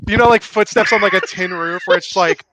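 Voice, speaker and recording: A man serves as dungeon master for a tabletop game, narrating in a playful, chatty way packed with fillers like "like." His voice is high-pitched and fairly quick, with background noise behind it.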